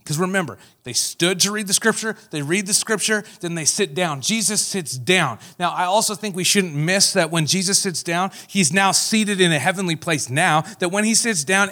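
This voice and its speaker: Animated preaching man, slightly high voice. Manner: animated storytelling, acts out quoted voices. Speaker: pastor. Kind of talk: sermon.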